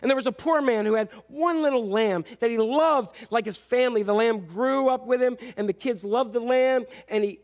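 A man preaching a sermon as a pastor, animated, swinging between loud and hushed delivery. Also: sits high.

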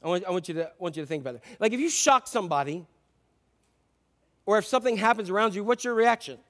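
A man's voice: high-pitched, animated, quick pace, a bit bright. A middle-aged man, a pastor, preaching a sermon in a conversational way with asides and restarts.

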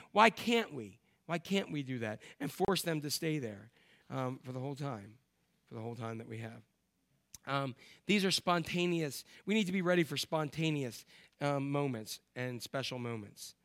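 A man preaching a sermon, telling stories with loud bursts of emphasis and quiet, hushed asides. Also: high voice, fairly quick. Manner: animated storytelling, swings between loud emphasis and quiet asides. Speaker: pastor.

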